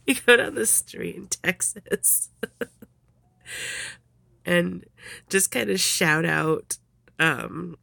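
Sniffly woman vlogging, slow and rambly, gravelly fry, super dry close sound. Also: on the low side, expressive, bright, forceful tone, dry recording. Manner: rambling, giggly, many ums. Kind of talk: casual questionnaire vlog.

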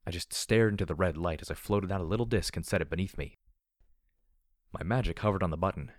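A man narrating a first-person story in a steady, grave reading. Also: low-pitched, fast, dry recording, clean studio sound. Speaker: audiobook narrator.

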